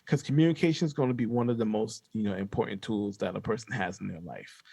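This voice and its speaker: A man's voice: lowish voice, vocal fry, warm tone, slightly rough, no room sound. A young man with a slight lisp, co-hosting a podcast in a loose, rambling chat full of fillers. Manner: laid-back, rambling, drawn-out fillers. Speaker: podcast co-host. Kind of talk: casual chat.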